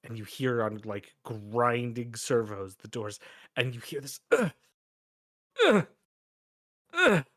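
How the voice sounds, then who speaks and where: A man runs a tabletop role-playing game as game master, describing scenes in a loose, hesitant way with frequent restarts. His voice sits at a middle pitch. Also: fairly even intonation, unhurried, a bit bright, no room sound, studio quality.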